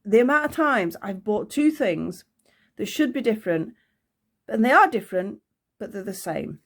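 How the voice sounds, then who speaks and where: A UK woman, a toy unboxing vlogger, chats while unboxing and reviewing doll accessories, thinking aloud with small excited gasps. Her voice is medium-pitched at a normal speed, and she says she's losing it.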